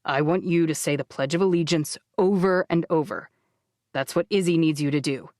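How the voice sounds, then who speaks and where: A woman voicing a calm, commanding man who gives steady orders in an emergency. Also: low voice, normal speed, no room sound, studio quality, voice pushed down, close to an everyday voice. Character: commanding man, a calm rancher taking charge.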